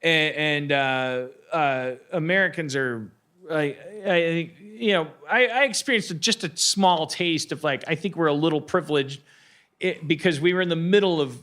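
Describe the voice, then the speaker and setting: Bright rambling man telling a story on stage. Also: a little high, moderate pace. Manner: rambling, stammering, animated storyteller who acts out voices. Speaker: podcast host. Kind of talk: live comedy podcast storytelling. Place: live stage before an audience.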